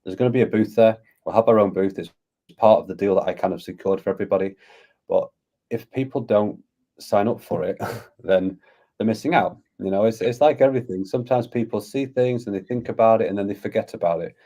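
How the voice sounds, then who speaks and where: Man, low voice, warm mellow tone, rambling enthusiastic podcast guest. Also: a little fast. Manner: eager, rambling, talks at length. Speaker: guest, crypto community founder. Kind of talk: casual podcast conversation.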